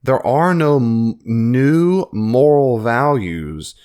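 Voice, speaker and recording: A man hosting his own podcast, giving an animated, argumentative commentary and often correcting himself mid-sentence. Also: mid-range voice, extremely slow, clean tone. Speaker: podcast host. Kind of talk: casual commentary.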